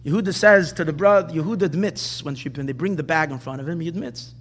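A man giving an animated Torah class, driving his points home with rhetorical questions and repeated phrases. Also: on the high side, fast talker. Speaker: Torah teacher.

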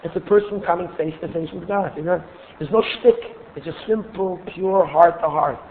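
A man giving a religious lesson full of stories, pausing and repeating words as he searches for his phrasing. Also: high voice. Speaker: religious teacher. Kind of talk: Torah lesson with storytelling. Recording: tinny phone-like recording, faint hiss.

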